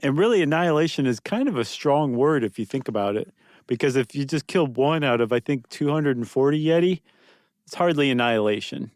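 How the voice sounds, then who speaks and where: A man's voice: medium pitch, lively intonation, a little fast, darkish tone, no room sound, studio quality. A man co-hosting a podcast in casual chat, explaining things wryly and teasing his partner. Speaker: podcast co-host.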